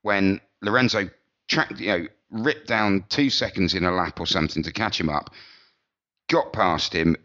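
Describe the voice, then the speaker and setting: Deep-voiced guy rambling on a racing podcast, dull lo-fi sound. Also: normal speed, bright, forceful tone. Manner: rambling, chatty, many restarts. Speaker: podcast co-host. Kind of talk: casual motorsport chat.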